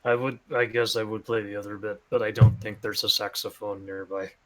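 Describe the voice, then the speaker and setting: A tabletop role-playing player speaking casually and hesitantly, with many pauses. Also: mid-range voice, level tone, fairly bright tone.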